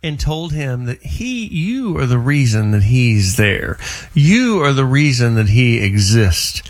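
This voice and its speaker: A man's voice: mid-range voice, sing-song, slow. A male radio host taking calls and joking with guests on a call-in show.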